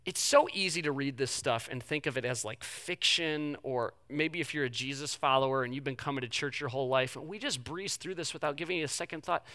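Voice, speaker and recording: A man preaching a sermon as a pastor, telling the story in a conversational, humorous way, moving between hushed reflection and loud, pleading questions. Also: mid-range voice, a little fast, hardly any pauses.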